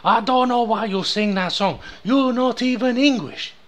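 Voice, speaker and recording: A man's voice: very high voice, moderate pace. Teasing podcast host man. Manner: directing, teasing. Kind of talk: casual comedic banter, sketch narration.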